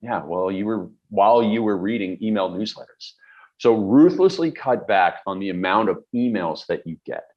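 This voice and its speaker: A man's voice: lowish voice, expressive, moderate pace, muffled recording. A middle-aged man coaching on productivity, talking bluntly and emphatically with everyday examples. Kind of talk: direct-to-camera advice talk.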